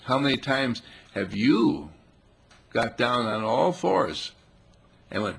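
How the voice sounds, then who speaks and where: A man giving a playful, animated spiritual talk, now and then putting on animal voices. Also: on the low side, a little slow, pauses often. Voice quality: gravelly, husky.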